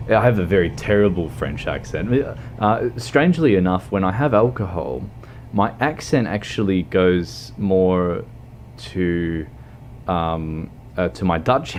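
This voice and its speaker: His voice sits low with a darkish tone, and there's a little hiss or hum on the recording. An Australian game streamer at home, he chats casually while driving a truck game, rambling and poking fun at himself with lots of fillers and laughter.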